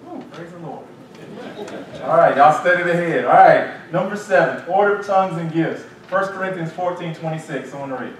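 A man, a pastor, leading a Bible study and teaching in an animated, lively way with acted-out asides. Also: on the high side, normal speed. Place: church sanctuary. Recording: echoey room, distant mic, faint hiss.

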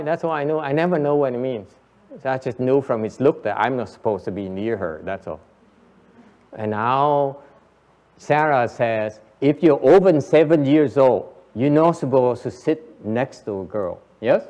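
A man's voice: medium pitch, unhurried, darkish tone. A Buddhist teacher giving a Dharma lecture, playfully coaxing his class and switching between English and Vietnamese. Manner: frequent laughter and repeated "yes, yes".

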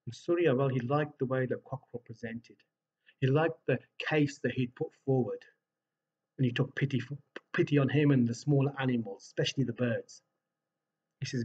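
Guy telling a folk tale to families, husky voice, lively, asks the crowd stuff, muffled recording. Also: mid-range voice, normal speed. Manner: animated, asks the listeners questions. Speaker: storyteller. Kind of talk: live oral storytelling for families.

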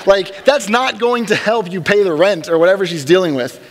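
A man teaching a church Bible study in a relaxed, conversational way, with joking asides and frequent restarts. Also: sits high, normal speed. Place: church hall. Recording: long reverb of a large hall.

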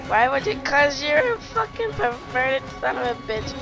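A woman gamer commentating her play, swearing, shouting in frustration and laughing. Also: sits high, sing-song, moderate pace, vocal fry, music in the background. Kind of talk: gameplay commentary.

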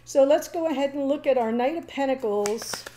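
A woman giving a casual, chatty tarot reading, talking warmly to the viewer with fillers and small laughs. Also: sits high, normal speed, noisy background. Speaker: tarot reader.

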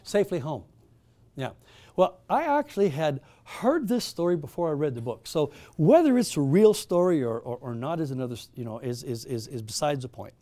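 A man's voice: fairly high pitch, sing-song, fairly quick, mellow. A middle-aged man hosting a town hall, telling a story to a live audience with emphatic rhetorical questions and frequent restarts. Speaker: town hall host and moderator.

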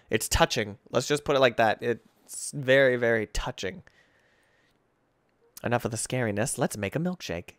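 A young man with a smooth, clear voice gives loose, excitable commentary while he plays. He rambles off topic and leans on filler words. The sound is close and dry. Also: medium pitch, dry recording. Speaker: gaming YouTuber. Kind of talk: casual gameplay commentary.

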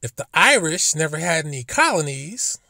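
A man's voice: a little high, very animated, moderate pace, creaky, bright, forceful tone, no room sound, studio quality. A man giving a casual commentary monologue as a vlogger, profane and emphatic, with indignant rhetorical questions.

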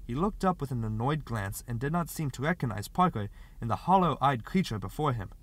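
A man narrating a literary short story as an audiobook reader, in a steady, expressive way. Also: mid-range voice, fairly quick, no echo.

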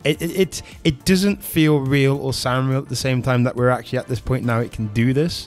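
A man from the UK hosts a casual podcast and talks at a middle pitch. His requests run long and ramble, full of enthusiasm. Faint music plays in the background. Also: steady tone, normal speed, hardly any pauses. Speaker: podcast host. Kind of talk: casual chat testing an AI.

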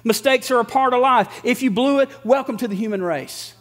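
A middle-aged man with a very high-pitched voice preaches to his congregation in a church. His delivery is folksy and joking, and he bursts into shouts to drive a point home. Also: brisk. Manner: folksy and humorous, rising to shouts for emphasis. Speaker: pastor. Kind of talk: sermon. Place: church sanctuary before a congregation.

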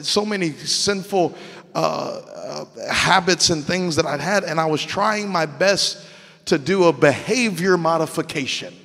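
A man's voice: a little high, gravelly, a bit bright. A man from Louisiana preaching a sermon as pastor, speaking with proper, polished diction and repeating words as he works through his points. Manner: earnest preaching with frequent word repeats. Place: church sanctuary. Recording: long hall reverb.

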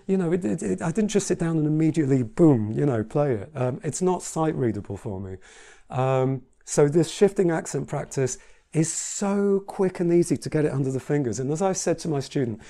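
A mellow-voiced man giving a relaxed piano lesson, talking through practice tips as he plays. His tone is chatty and reassuring, with soft piano notes sounding faintly behind him. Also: a little high, brisk. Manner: chatty, reassuring, demonstrates at the keyboard while talking. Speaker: piano teacher. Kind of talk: casual piano tutorial. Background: piano playing.

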